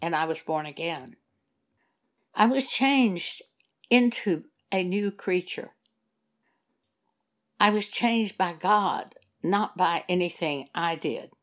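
A woman preaching a sermon in a slow, measured teaching manner. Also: fairly low pitch. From Texas.

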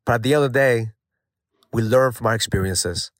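A man's voice: medium pitch, a little fast, dry recording, clean studio sound. Earnest father telling a motivational story. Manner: earnest, storytelling, repeats phrases for emphasis. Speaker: host of a daily motivational message. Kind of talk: casual spoken reflection.

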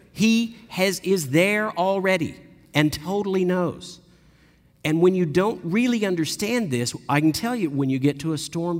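A man preaching a sermon, telling the story with animated delivery and briefly acting out the people he quotes. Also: on the high side. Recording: long echo of a large hall.

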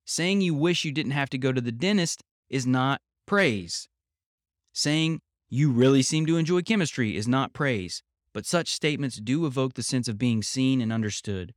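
A man hosting a podcast from home, talking things through in a calm, reflective, measured way. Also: medium pitch, no room sound, studio quality. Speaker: podcast host. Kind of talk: explanatory podcast talk.

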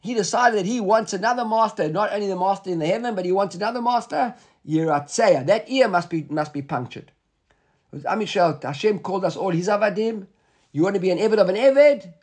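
A man with a high, husky, darkish voice leads a Talmud class at a brisk pace with lively intonation. He reads Hebrew and Aramaic phrases aloud, then explains each in plain English. He drives the lesson with rhetorical questions and a repeated "right?"

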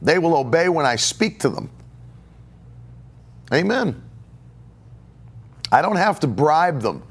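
Emphatic preacher, man, slightly high. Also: very animated, takes it slowly, pauses often, slightly rough. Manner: emphatic, repeats phrases for stress; takes viewer questions live. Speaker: pastor. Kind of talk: podcast sermon.

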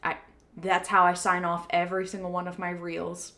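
A soft-spoken woman co-hosting a podcast in casual chat, bubbly and chatty, recorded at a home desk on one shared mic. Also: on the low side, completely flat delivery, moderate pace. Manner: bubbly and chatty, laughs easily. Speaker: podcast co-host. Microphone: single shared desk mic.

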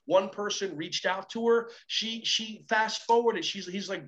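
A man speaking as a motivational coach, telling lively stories and acting out both sides of the conversations in them. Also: sits high, moderate pace, few pauses, poor audio. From Israel. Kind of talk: animated storytelling talk.

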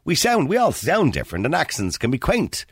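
A man with a Dublin Irish accent hosting a radio phone-in, talking bluntly and forcefully, arguing his point. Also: fairly high pitch, huge pitch swings, fairly quick, breathy edge, no room sound, clean studio sound. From Ireland (Dublin). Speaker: radio show host. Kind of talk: opinionated radio phone-in talk.

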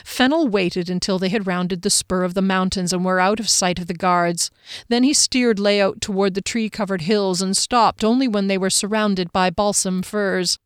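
A woman reading a fantasy novel aloud in a steady storytelling manner. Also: medium pitch, moderate pace, smooth, dry recording, studio quality. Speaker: narrator. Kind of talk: scripted fantasy narration.

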